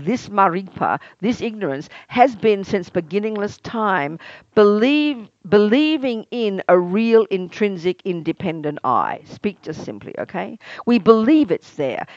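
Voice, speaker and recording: Animated woman teaching Buddhist ideas. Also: medium pitch, no room sound, dull audio. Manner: lively, asks many rhetorical questions; acts out everyday exclamations. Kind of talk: teaching a meditation course.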